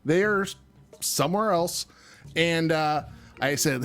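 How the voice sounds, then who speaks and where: Fired-up, cursing man, raised pitch. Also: slow, a bit bright. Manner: heated profane ranting storyteller. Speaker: podcast co-host. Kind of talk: casual chat.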